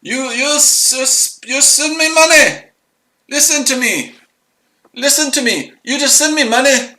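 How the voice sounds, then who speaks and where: A man's voice: very high-pitched, measured pace, bright, forceful tone, roomy sound, pitched above the performer's own voice, exaggerated voice, rough recording. A man putting on a pushy scammer with a fake Indian accent. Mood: insistent. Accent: put-on Indian. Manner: repetitive, pushy, broken English. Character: mocking male phone scammer, pushy and greedy.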